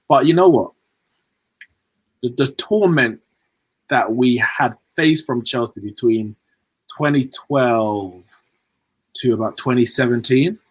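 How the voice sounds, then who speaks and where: Husky football pundit. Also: male voice, mid-range voice, no echo, rough recording. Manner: animated, joking, uses fillers. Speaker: podcast co-host, football pundit. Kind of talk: casual chat.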